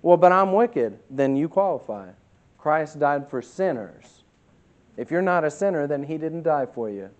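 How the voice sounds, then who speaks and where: A man preaching a sermon as pastor. He preaches emphatically, swinging from loud to quiet, and reads scripture slowly. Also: fairly high pitch, lively intonation, highs cut off.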